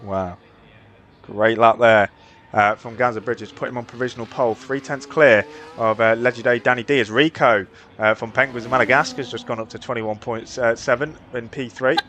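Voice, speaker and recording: A man's voice: medium pitch, fairly even intonation, moderate pace, fairly bright tone. A man doing upbeat play-by-play commentary for a live sim racing session, with frequent filler uhs.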